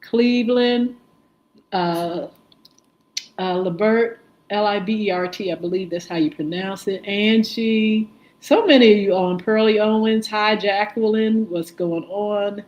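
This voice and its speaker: A woman's voice: medium pitch, a little slow, dull audio. A woman hosting a live-streamed morning show, chatting casually, greeting viewers by name and spelling some out, with many filler "uh"s and friendly upbeat hellos.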